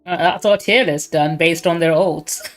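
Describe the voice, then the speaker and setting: A woman with a fairly low voice hosts a relaxed, joking gaming chat. She keeps the list moving while faint music plays behind her. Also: measured pace. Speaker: streamer, tier-list host.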